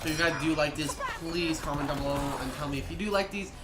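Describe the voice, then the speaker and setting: A young man telling a rambling storytime vlog and acting out people's lines in quick bursts. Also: on the high side, over loud music. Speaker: vlogger. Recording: echoey room, noisy ambience.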